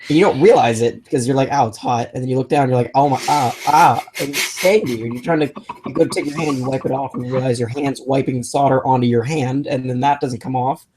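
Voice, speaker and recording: A man's voice: mid-range voice, quick pace, background noise. Man telling rambling stories, casual. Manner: rambling storyteller, many restarts. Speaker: podcast co-host. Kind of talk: casual chat.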